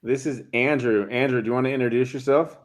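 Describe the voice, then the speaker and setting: A man hosting a live video call discussion, assertive and quick to cut in. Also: mid-range voice, steady tone. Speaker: host.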